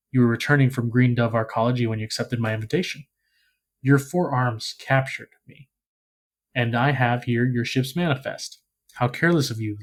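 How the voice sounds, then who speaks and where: A man's voice: mid-range voice, close to an everyday voice. A man reading aloud and voicing a scheming alien crime lord who is bored, dismissive and condescending.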